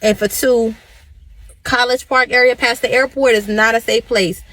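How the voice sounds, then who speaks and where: Woman warning people to stay safe, earnest and pleading, slightly high voice. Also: steady tone, normal speed, a bit bright.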